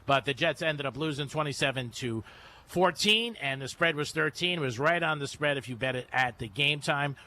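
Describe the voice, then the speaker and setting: A man hosting a radio sports betting segment, talking in a brisk, breezy, chatty way into a studio microphone. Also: on the high side, pushed and bright, slight background noise. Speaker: radio host.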